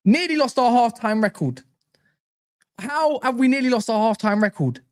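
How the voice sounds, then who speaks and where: A man's voice: very high-pitched, expressive, normal speed. A young man hosting a football reaction, ranting in a frustrated, slangy way. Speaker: host.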